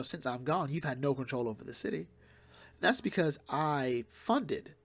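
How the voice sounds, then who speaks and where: A man talks through a comic book review in a loose, unscripted way. His voice sits at an ordinary middle pitch. He rambles, restarts sentences and hurries through plot summaries. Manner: rambling, retells plots quickly with fillers and restarts. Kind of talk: casual solo commentary.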